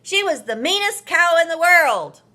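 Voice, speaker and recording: A woman voicing a bossy older sister in a storybook, loud and scolding. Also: very high voice, very animated, unhurried, voice pushed up, exaggerated voice. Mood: scornful.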